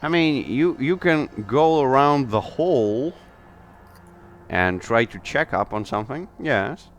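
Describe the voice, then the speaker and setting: A man narrating and running a tabletop game as game master in a relaxed way. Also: mid-range voice, unhurried, a little hiss or hum.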